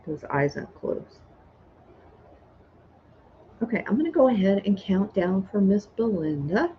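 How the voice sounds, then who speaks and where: A woman's voice: mid-range voice, sing-song, measured pace, dull audio, a little hiss or hum. A woman hosting a live online sale, counting down bids and chiming in with short replies.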